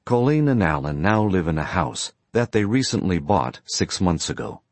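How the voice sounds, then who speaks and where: A man narrating a story in a steady, plain storytelling manner. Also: sits low, normal speed, no echo. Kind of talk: audiobook narration.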